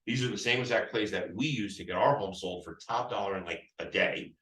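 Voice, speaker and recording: A man with a low-leaning, bright, forceful voice briskly trains real estate agents on phone scripts, with slight background noise present. He rambles, restarts often, and plays out the seller's dialogue in role-play. The recording is echoey, taken with the mic at a distance.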